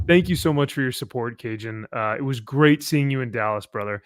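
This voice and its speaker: A man hosting a live comic book chat show, animated and laughing often as he reads viewer comments. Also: mid-range voice, fairly quick, hardly any pauses. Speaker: host. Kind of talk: casual chat.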